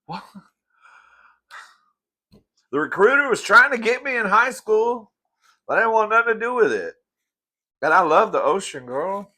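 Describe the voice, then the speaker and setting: A man's voice: mid-range voice, sharp tone. Campy chatty man eating on camera. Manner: chatty and campy, calls viewers "girl", eats between sentences. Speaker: mukbang host. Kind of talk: casual eating-show chat to camera.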